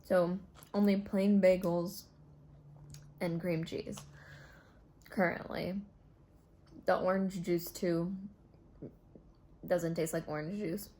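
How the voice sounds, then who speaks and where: A woman's voice: lowish voice, level tone, slow pace, long pauses, warm tone. A woman chatting in a casual vlog from a hotel room, rambling with lots of fillers and swearing freely. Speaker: vlogger.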